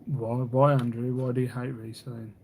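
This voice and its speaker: A man's voice: mid-range voice, flat delivery, moderate pace, creaky, darkish tone, slight background noise. Rambling man on a live stream. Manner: rambling, teasing, reads viewer comments aloud. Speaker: livestream host. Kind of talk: casual live stream chat.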